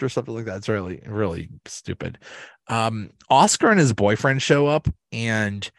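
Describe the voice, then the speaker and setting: A man hosting a podcast, casually retelling sitcom episodes in a rambling, halting way with restarts and laughter. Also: medium pitch, dry recording. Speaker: podcast host. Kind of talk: casual solo recap.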